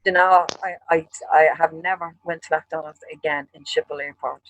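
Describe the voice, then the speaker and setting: A man with an Irish accent, co-hosting a show and telling a long story, animated and full of swearing. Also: fairly high pitch, normal speed, no room sound, low-quality recording. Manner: profane, animated storyteller acting out quarrels. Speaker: show co-host. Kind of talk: casual storytelling chat.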